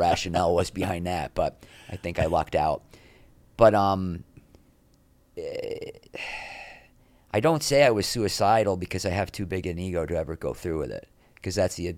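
A man's voice: deep voice, dry recording. A middle-aged man, an interview guest, telling candid, rambling, self-deprecating stories and acting out the people he quotes. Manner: rambling, self-deprecating, animated when quoting others.

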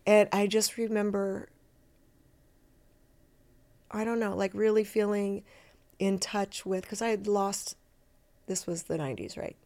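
Animated, self-mocking woman telling stories. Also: mid-range voice. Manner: animated, self-deprecating storytelling with quick asides. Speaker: actor and interview guest. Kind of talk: casual interview chat.

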